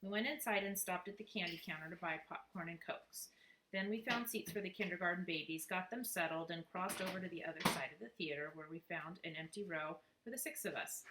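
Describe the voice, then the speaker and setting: A woman reading a children's book aloud, lively and expressive. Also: fairly low pitch, fairly quick. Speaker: reader. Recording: echoey room, faint noise.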